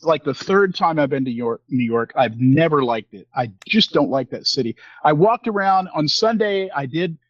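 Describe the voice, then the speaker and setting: A man's voice: a little high, no echo, highs cut off. Rambling man in his fifties, dry sound. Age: 50s. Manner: rambling, with many fillers and restarts, acting out quoted exchanges. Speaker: podcast co-host. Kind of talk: casual storytelling chat.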